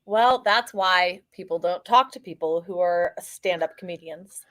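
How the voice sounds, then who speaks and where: A woman co-hosting a casual podcast chat, teasing her co-host with quick comebacks and lots of laughter. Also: lowish voice, fairly bright tone. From US Midwest, grew up with a rural accent.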